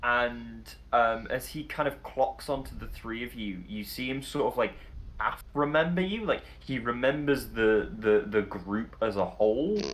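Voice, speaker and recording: A man's voice: medium pitch, measured pace, a bit bright. A man narrating as dungeon master in a tabletop game, telling the scene in a loose, amused way full of fillers. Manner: rambling, filler-heavy, amused storytelling.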